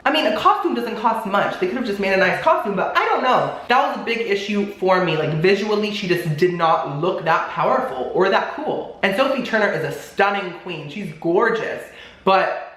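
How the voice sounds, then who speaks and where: A chatty vlogger reviews a film in a loose, expressive way, dropping "like" into nearly every thought. The voice sits at a middle pitch. The sound bounces around a very echoey room. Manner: chatty, expressive, lots of fillers like "like". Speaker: movie reviewer, channel host. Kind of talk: casual movie review vlog.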